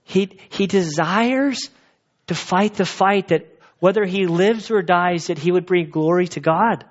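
A man with a high, unhurried voice preaches an earnest, conversational expository sermon to his congregation. He is a pastor speaking in the church sanctuary, captured on a dull lo-fi recording.

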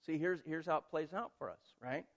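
A man's voice: a little high, a little fast. A man preaching a sermon as pastor, talking in a conversational, emphatic way and asking the listeners rhetorical questions. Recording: muffled lo-fi sermon recording.

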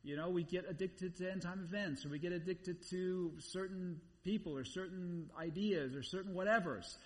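A man preaching in a loose, conversational way, driving his points home by repeating phrases. His voice sits a little high for a man. The sound rings with a long reverb, as if in a large hall. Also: normal speed. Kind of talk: sermon. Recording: long reverb, voice somewhat far from mic.

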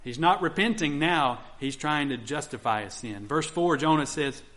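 A man's voice: fairly high pitch, moderate pace, fairly bright tone. A male pastor preaching a sermon on repentance, often acting out pleading first-person prayers to God.

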